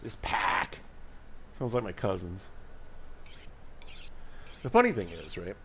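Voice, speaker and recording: A man's voice: sits low, wildly swooping pitch, measured pace, very noisy. A man from Alabama with a Southern US accent, chatting and joking to viewers while streaming a survival game. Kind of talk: casual gameplay commentary.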